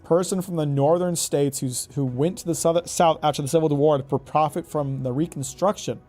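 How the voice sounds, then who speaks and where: A man rambling through casual gameplay commentary with a fairly high but mellow voice. He jokes and trips over his own sentences, restarting often. Quiet game music plays underneath. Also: steady tone, normal speed. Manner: rambling, joking, self-correcting. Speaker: gaming YouTuber.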